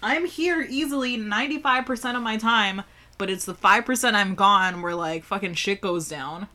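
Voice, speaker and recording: Young woman co-host, bright and crisp in tone, wry, laughs a lot. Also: mid-range voice, normal speed. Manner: wry, laughs often, swears. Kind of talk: casual chat, beer tasting.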